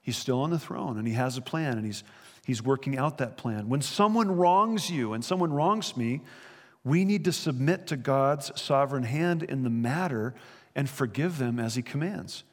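A male pastor delivers a sermon in an earnest, conversational manner and poses questions to his listeners. His voice sits at an ordinary male pitch. A long reverb trails after each phrase, as in a large hall. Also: expressive, normal speed.

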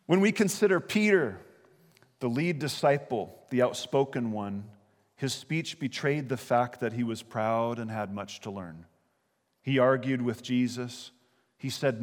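A man preaching a sermon in an earnest, conversational way, at times laughing lightly and dropping to a soft, low voice. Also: measured pace. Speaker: pastor. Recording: hall reverb.

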